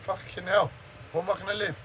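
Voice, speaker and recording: Shaken man ranting, high-voiced. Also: fairly even intonation, brisk, a bit bright, a little hiss or hum, poor audio. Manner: swears heavily, agitated and raw. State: shaken, says he speaks like he is in shock. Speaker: livestreamer. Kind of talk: angry personal rant. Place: standing in front of a camera.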